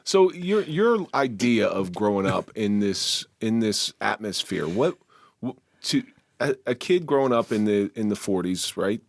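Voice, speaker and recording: A man's voice: lowish voice, sing-song, unhurried, creaky, dry recording. A man hosting a podcast, asking a guest curious, probing questions in casual talk. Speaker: podcast host. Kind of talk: interviewing in casual chat.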